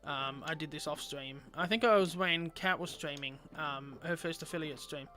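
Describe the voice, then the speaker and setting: A man's voice: fairly high pitch, normal speed, bright, forceful tone. A man streaming a game, chatting casually with viewers and rambling aloud with lots of fillers.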